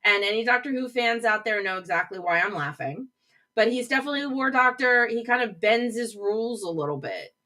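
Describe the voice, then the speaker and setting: A middle-aged woman hosts a live show from her home office, with a bright, forceful voice. She chats casually and gushes, reading out and answering viewers' comments as she goes. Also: on the high side, lively intonation, brisk. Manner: gushing, chatty, reads out chat comments. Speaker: host of a livestream show.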